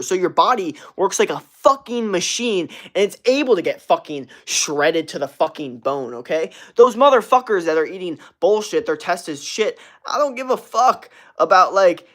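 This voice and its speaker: A man speaks as an online fitness coach on a casual livestream. He rants bluntly and aggressively, swearing at nearly every turn. His talk is full of fillers and restarts as he answers chat. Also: high-pitched. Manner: profane, blunt, aggressive ranting with many fillers.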